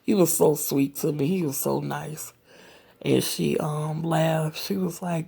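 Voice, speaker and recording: A woman in her late forties chats to her viewers in a slow, unhurried way. Her low voice is rough and very husky, with a heavy gravelly fry running through it. She rambles with lots of fillers and often drops into a half-whispered aside. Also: steady tone, warm tone. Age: 40s. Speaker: vlogger. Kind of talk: casual personal vlog.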